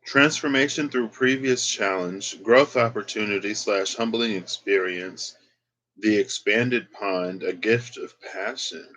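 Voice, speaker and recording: A man's voice: lowish voice, a little slow, a bit bright, low-quality recording. A man doing a casual, rambling tarot reading vlog, chatty and unsure of himself, feeling emotional and close to tears. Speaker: tarot reader.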